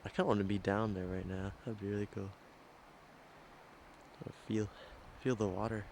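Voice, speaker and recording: A travel vlogger talks into his handheld camera's mic outdoors, on a trail and at a scenic overlook, narrating casually in a rambling, hesitant way full of fillers. His voice is fairly low and darkish with vocal fry, stays close to one pitch, and moves at a moderate pace. The recording is rough, with slight background noise.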